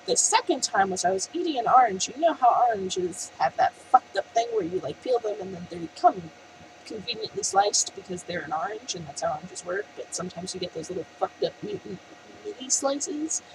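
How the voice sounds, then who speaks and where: A young adult woman telling a story in a casual, profane and animated vlog rant. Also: mid-range voice, a little fast, vocal fry, background noise. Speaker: vlogger.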